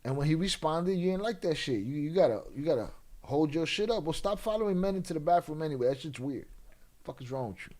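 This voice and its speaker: A man's voice: fairly high pitch, animated, fast, a little mellow. A man hosting a casual livestream, talking bluntly and skeptically with a lot of swearing. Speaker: livestream host.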